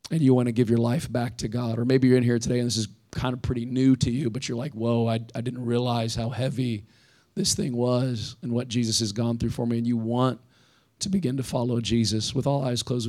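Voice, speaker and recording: A man's voice: medium pitch, flat delivery, fairly quick, darkish tone. A man in his thirties who pastors a church, preaching a sermon in an earnest, conversational way and repeating emphatic phrases. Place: church sanctuary.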